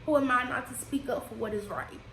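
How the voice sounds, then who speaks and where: A woman's voice: on the high side, a little fast, a bit bright, echoey room, a little hiss or hum. A woman from the United States speaking in an impassioned personal vlog, emotional and casual, her voice rising and falling with feeling. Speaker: vlogger. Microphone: desk microphone.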